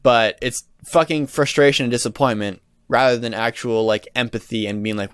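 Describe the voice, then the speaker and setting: A young man hosts a solo podcast in studio-quality audio with no echo, his mid-range voice clear and resonant, steady in tone and moderate in pace. It's a casual rant: exasperated and rambling, full of restarts and swearing.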